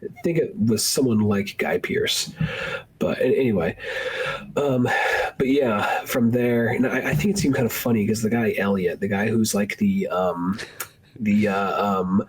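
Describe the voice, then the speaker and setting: A man with a slightly husky, breathy voice talks through a film in loose, rambling podcast chat. He keeps stopping to act out lines from it, jumping up in pitch when he does. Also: rough recording. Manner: rambling, acts out movie lines in raised voices. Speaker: podcast co-host. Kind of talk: casual film review chat.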